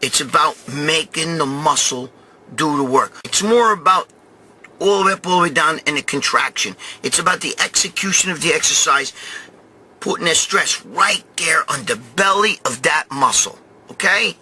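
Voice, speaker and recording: A middle-aged man, giving a blunt, profane gym pep talk that grows loud and excited as a bodybuilding vlog host. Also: a little high, normal speed, slight background noise. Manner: blunt, swearing, repeats himself, growing loud and excited. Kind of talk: profane motivational gym rant.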